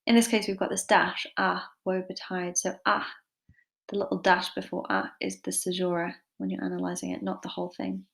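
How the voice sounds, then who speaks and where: A woman's voice: fairly low pitch, flat delivery, a little fast, gravelly, a bit bright. A woman giving a casual online English literature lesson, chatty and informal with lots of fillers and some self-deprecating humour.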